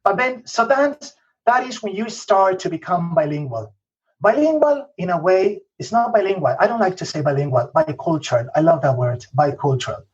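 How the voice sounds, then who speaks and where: A man's voice: high voice, expressive, normal speed, husky. Man, Spanish accent, chatty guest, restarts a lot, dull lo-fi recording. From Spain. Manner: peppers talk with "okay?" and "you know", frequent restarts. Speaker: podcast guest. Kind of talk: casual interview storytelling.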